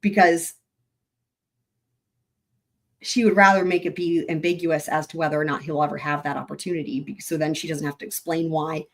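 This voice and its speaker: A woman hosting a true-crime livestream in a somewhat low voice. Her voice is still recovering after a week without it. She talks bluntly and emphatically, with plenty of swearing. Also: steady tone, normal speed, pauses often. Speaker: host.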